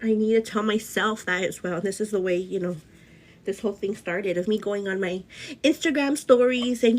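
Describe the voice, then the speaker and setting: A young woman talks fast and passionately into her phone camera at home, doing her makeup as she goes. She keeps calling the viewer "girl" and leans on "you know" while giving an earnest pep talk. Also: medium pitch, low-quality recording. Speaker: beauty vlogger. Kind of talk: get-ready-with-me motivational chat. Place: home, indoors.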